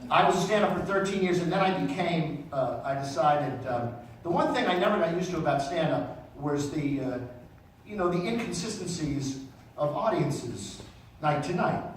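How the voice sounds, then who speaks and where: A middle-aged man telling comic stories on stage in an animated way, acting out the people in them. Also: a little high, heavy reverb, far from the mic, a little hiss or hum, low-quality recording. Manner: animated, acts out voices in his anecdotes. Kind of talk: stand-up storytelling.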